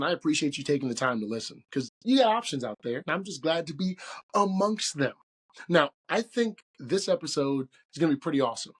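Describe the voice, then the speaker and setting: A man in his forties hosting a casual solo podcast, upbeat and conversational with slangy phrasing. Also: fairly high pitch. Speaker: podcast host.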